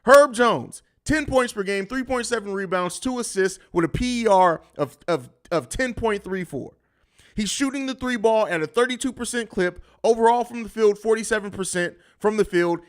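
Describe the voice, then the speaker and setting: A man hosting a live sports podcast, talking bluntly and riffing with plenty of profanity. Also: high voice. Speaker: podcast host. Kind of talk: live-stream sports talk.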